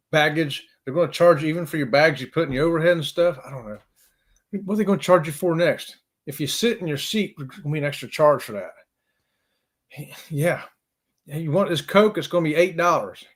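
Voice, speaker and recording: A fairly high-voiced man chats casually on a live stream. He rambles, chuckles often and calls out to viewers by name.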